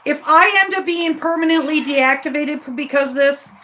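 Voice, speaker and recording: A woman's voice: high voice, moderate pace, pushed and bright. A woman rideshare driver telling her viewers an upset story on a live stream vlog.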